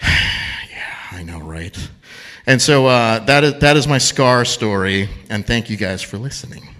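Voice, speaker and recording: A man's voice: mid-range voice, animated, unhurried, pushed and bright. A man telling a funny true story on stage at a live storytelling event, chatty and self-deprecating, laughing at himself.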